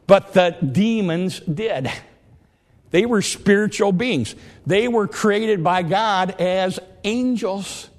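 A man delivers a sermon with earnest conviction, circling back and restarting his phrases as he works through the point. His voice sits a little high for a man. It rings out with a long reverb, as if in a large hall. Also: slow pace. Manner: earnest, repeats himself and restarts often. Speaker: preacher.

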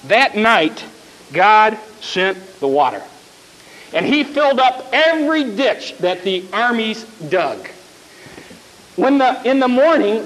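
A man preaching a sermon, telling a Bible story in a folksy, animated way and repeating words. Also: high voice, rough recording.

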